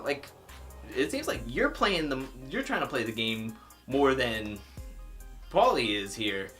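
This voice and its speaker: Reality tv recap vlogger, super animated pitch, lots of "like", chill opinionated chat. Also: a little slow, soft background music. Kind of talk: casual episode recap commentary.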